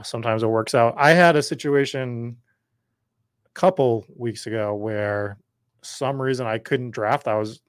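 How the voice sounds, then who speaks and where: A man's voice: mid-range voice, dry recording, clean studio sound. A man hosting a podcast, talking in a rambling, chatty way as he drafts and answers viewer comments, his voice slightly worn. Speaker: podcast host. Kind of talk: casual live drafting commentary.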